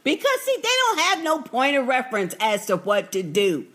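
A woman's voice: high-pitched, wildly swooping pitch, moderate pace, fairly bright tone. A woman co-hosting a podcast, reacting bluntly and emphatically in casual chat about a TV episode. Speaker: podcast co-host.

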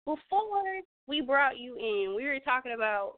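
A woman hosting a casual radio chat, animated and playfully switching voices. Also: high voice, normal speed. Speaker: show host. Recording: tinny phone-line sound.

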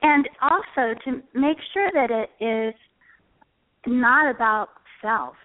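A woman's voice: a little high, takes it slowly, no room sound. A woman guest giving earnest, faith-centered advice on speaking, now and then chuckling. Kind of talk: conversational advice on a call-in show. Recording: dry tinny phone line.

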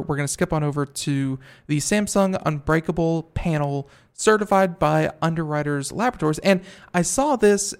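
A man hosting a podcast who steers the conversation and tells relaxed anecdotes. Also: a little high, clean tone. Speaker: podcast host. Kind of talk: casual podcast chat.

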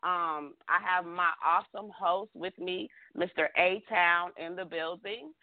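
A woman's voice: fairly low pitch, lively intonation, unhurried, dry recording. A woman hosting a radio talk show, chatting casually and often repeating her words. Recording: phone-like narrow sound.

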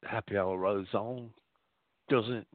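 A man's voice: fairly low pitch, fairly even intonation, takes it slowly, no echo. A man hosting a radio show, delivering a crude, rambling comic monologue. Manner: rambling, vulgar, mock-boastful. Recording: tinny phone-line sound, dry.

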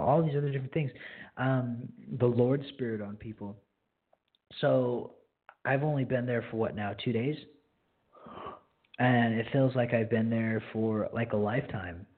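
Young guy in his 20s rambling friendly about ministry on a radio show, husky voice, sounds like a phone call. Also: mid-range voice. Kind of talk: casual spoken testimony. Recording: phone-like lo-fi line.

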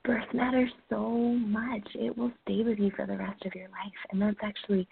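Gravelly-voiced woman doula on a phone line. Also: mid-range voice, fairly even intonation, moderate pace. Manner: earnest, emphatic, slipping into near-whispers. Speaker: doula, guest. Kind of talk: casual interview chat. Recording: tinny call audio with faint noise.

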